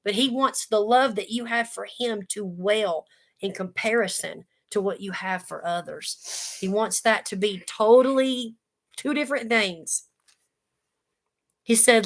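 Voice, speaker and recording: A woman's voice: mid-range voice, a little slow. Earnest woman teaching the Bible casually. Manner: conversational and earnest, with folksy asides. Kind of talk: casual Bible study talk.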